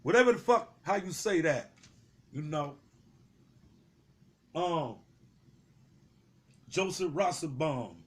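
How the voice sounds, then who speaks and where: A man's voice: a little high, lively intonation, takes it slowly, long pauses. A young man giving heated, profane street commentary, confrontational and repetitive, swearing freely.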